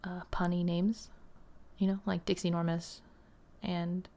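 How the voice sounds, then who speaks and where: Her delivery is flat and a little slow, her voice low, gravelly and dark. A gaming channel host in her twenties, she chats and rambles through gameplay, using lots of "like" and "um," laughing sometimes and now and then whispering.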